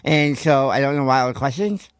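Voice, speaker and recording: A man's voice: medium pitch, brisk, clean tone, no room sound, close to an everyday voice. A man voicing a pushy, overexcited boy on a prank call, stammering and insistent. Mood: eager.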